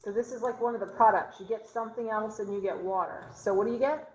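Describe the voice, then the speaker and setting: A woman's voice: mid-range voice, fairly even intonation, fast talker, roomy sound, rough recording. A woman chemistry instructor teaching an online class, asking her students question after question and thinking aloud as she draws. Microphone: video call.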